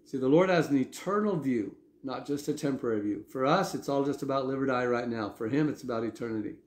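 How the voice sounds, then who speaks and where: Male pastor, mid-pitched, talky sermon style with frequent check-ins, roomy echo. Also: fast, darkish tone. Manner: conversational preaching with frequent "okay?" asides.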